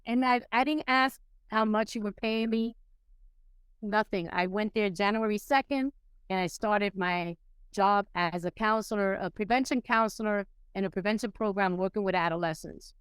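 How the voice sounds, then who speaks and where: A middle-aged woman from Puerto Rico, raised in New York City, telling her life story as a podcast guest in a lively way, acting out the people she quotes. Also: normal speed, smooth, no echo. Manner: animated, acts out quoted people with rising pitch. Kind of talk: casual storytelling interview.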